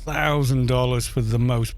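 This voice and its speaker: A man chats casually over a game livestream, ranting with scornful disbelief. His voice sits at an ordinary middle pitch. He rambles and often starts over in the middle of a sentence. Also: fairly even intonation, moderate pace. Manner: incredulous, mocking rant; rambling, with restarts and fillers. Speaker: game streamer. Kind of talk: casual livestream chat while gaming.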